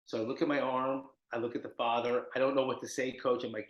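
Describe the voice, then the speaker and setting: A man's voice: mid-range voice, fast, hardly any pauses. A man from New Jersey telling stories as a guest in an interview, acting out the people he quotes. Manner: animated, acts out the people in his stories. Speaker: guest, recovery mentor. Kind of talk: storytelling in an interview. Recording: echoey room.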